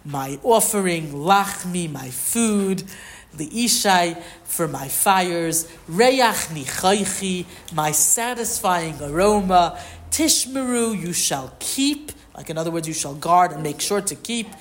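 A woman's voice: on the low side, animated, takes it slowly. A woman teaching a Torah class to a group, reading verses and translating them line by line in a conversational way. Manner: conversational, explains with questions.

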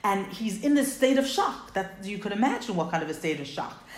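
A woman's voice: mid-range voice, sing-song, fairly quick. A woman teaching a Torah text, quoting Hebrew verses and explaining each in earnest detail. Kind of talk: text study lesson. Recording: echoey room.

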